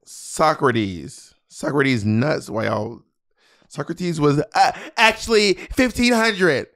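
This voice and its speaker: A man's voice: on the high side, animated, takes it slowly, a bit bright, dry recording, studio quality. A man co-hosting a podcast, chatting casually and teasing the others. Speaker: podcast co-host. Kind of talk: casual chat.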